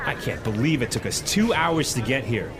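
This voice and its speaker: An actor playing an impatient, rude male traveler who complains loudly. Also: mid-range voice, lively intonation, moderate pace, over loud music, natural voice. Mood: complaining. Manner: brash, complaining.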